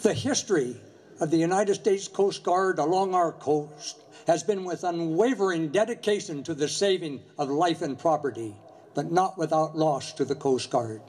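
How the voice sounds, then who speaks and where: An older man giving an earnest, measured memorial speech, telling a story from his years commanding a Coast Guard station. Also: fairly high pitch, a little mellow.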